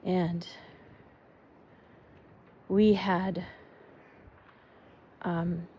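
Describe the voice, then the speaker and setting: A woman chatting casually while walking her dog outdoors, rambling and switching into halting German. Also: fairly low pitch, level tone, warm tone, husky. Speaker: vlogger. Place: outdoors in a neighborhood.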